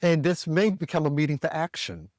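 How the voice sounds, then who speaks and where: A man from the American South telling a story as a podcast co-host, animated and profane, jumping higher when he quotes himself. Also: a little fast, no echo, studio quality. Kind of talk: casual storytelling rant.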